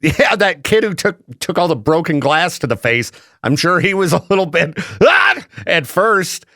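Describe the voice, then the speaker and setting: Animated joking radio host man. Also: fairly high pitch, moderate pace, dry recording, studio quality. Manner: animated, joking, laughs often. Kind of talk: casual morning radio chat. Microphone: studio microphone.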